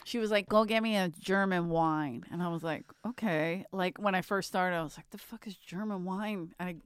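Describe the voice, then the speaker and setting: Low smooth-voiced woman podcast host. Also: normal speed, no room sound, clean studio sound. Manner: chatty, storytelling, profane. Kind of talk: casual podcast chat. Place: studio.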